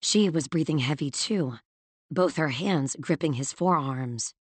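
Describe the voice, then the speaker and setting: Low-voiced woman narrating a novel. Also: measured pace, breathy edge, no room sound. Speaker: audiobook narrator. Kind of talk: scripted narration.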